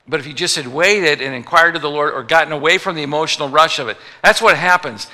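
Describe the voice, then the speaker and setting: A man with a slightly high, piercingly bright voice delivers a sermon, teasing the congregation and slipping into quick acted voices for the people in his examples. His words ring out with the long reverb of a big sanctuary. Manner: jokey, acts out little voices for the people he quotes. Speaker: pastor. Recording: long reverb of a large hall.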